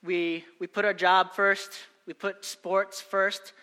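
A man's voice: high voice, flat delivery, takes it slowly, sharp tone, clear, resonant tone. Earnest man preaching in a reverberant hall. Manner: earnest, exhorting, repeats phrases for emphasis. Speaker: pastor. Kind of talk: sermon.

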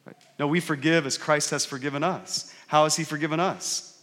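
A pastor in his thirties speaks at normal speed with fairly even intonation, his voice a little high and slightly bright. His sermon is conversational, peppered with "right?" to the congregation, and long hall reverb colors the sound.

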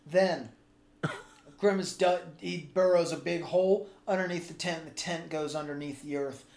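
A man's voice: fairly high pitch, steady tone, normal speed, creaky, darkish tone. A man co-hosting a comedy podcast, casually spinning a crude, gory improvised story. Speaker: podcast co-host. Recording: roomy echo with faint background noise.

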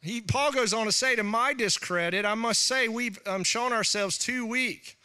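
A middle-aged man preaching a sermon, talking in an animated way with laughing asides and quoted voices. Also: very high-pitched, moderate pace, smooth. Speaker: pastor.

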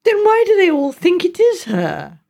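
A reserved young gentleman answers briefly and courteously in this audiobook, voiced by a woman. His manner is dry, and the voice has a light gravelly edge. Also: very high-pitched, wildly swooping pitch, moderate pace, pitched above the performer's own voice, exaggerated voice. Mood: dry, polite. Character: polite reserved young gentleman, mildly amused. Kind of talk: audiobook character reading.

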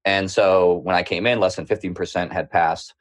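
A man with a thick Boston accent, a podcast guest telling lively stories and acting out the voices of people in them. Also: low-pitched, normal speed. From Boston area. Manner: lively, acts out quoted voices in his stories. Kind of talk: storytelling interview.

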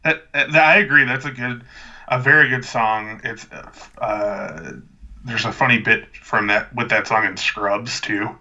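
A man co-hosting a casual podcast in a very bright, cutting voice. He is chatty and rambling, with dry humor. The audio is slightly dull and muffled. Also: mid-range voice, steady tone, a little slow. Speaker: podcast co-host. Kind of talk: casual chat.

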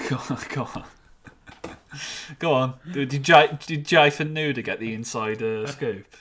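A man co-hosting a casual football podcast, often halting and restarting as he thinks aloud. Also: medium pitch, a bit bright. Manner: halting, many restarts and fillers, earnest. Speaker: podcast co-host.

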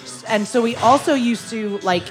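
A young woman hosting a casual chat, telling a story with lively energy and acting out the people in it. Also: fairly high pitch, normal speed, faint music behind. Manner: animated storyteller, acts out customers' lines. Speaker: podcast host, former waitress.

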